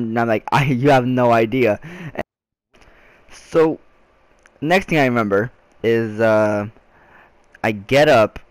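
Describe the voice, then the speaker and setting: A man's voice: mid-range voice, clear, resonant tone, no echo. A young man vlogging a casual storytime, rambling with frequent restarts and filler words.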